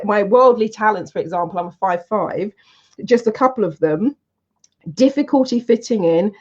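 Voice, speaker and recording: A woman in her forties, a coach from the United Kingdom, telling her story to an online audience in an animated, emphatic way from a room at home. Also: mid-range voice. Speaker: coach and soul plan reader. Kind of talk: casual talk to an online audience. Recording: slightly dull, lo-fi audio.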